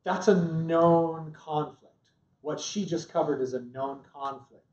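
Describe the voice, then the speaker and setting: A man co-teaching a church marriage class, analytical and halting, often restarting his sentences. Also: a little high, darkish tone, reverberant, far from the mic, muffled recording.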